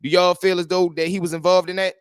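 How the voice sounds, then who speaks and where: A man hosts a livestream story show in animated street talk. His voice sits fairly high for a man. The sound is close and dry. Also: fast, smooth, dry recording. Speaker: host.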